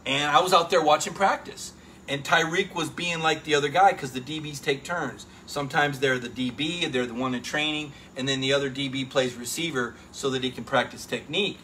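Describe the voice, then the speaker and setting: A middle-aged man hosting a casual sports talk show, animated and emphatic, often turning to listeners with "right?". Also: mid-range voice, fairly quick, slight background noise. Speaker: sports reporter and show host.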